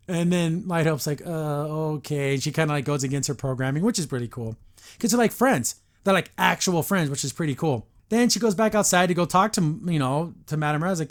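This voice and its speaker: A podcast host reviews an episode in loose, opinionated chatter, speaking fairly quickly in a slightly high voice. He frequently slips into lively, put-on character lines and then returns to his commentary.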